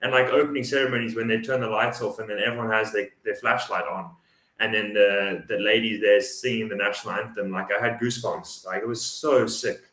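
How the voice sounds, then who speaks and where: A man's voice: on the low side, steady tone, a little fast, a bit bright. A Dutch-native man co-hosting a talk show, speaking English in an enthusiastic way and often repeating words as he thinks. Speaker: co-host. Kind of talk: casual chat. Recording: echoey room sound.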